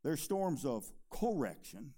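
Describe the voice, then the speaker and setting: A preacher man who moves from loud, ringing emphasis to hushed, low asides. His voice is pitched fairly high for a man and rises and falls sharply, full of expressive movement. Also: slow, husky. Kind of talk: sermon.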